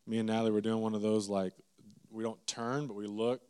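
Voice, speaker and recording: A man, preaching a sermon as a lively, self-mocking story with asides to the congregation. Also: on the low side, brisk, clean tone.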